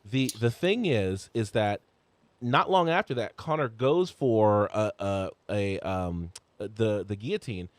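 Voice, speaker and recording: A man co-hosting a sports podcast in casual chat, stumbling over restarts and letting his voice jump high when excited. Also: slow, dry recording. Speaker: podcast co-host.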